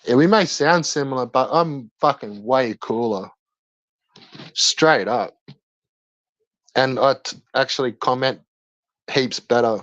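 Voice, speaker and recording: A man's voice: mid-range voice, measured pace, long pauses, a bit bright, no echo, lo-fi sound. A man with an Australian accent, a streamer in brash, profane casual chat with viewers.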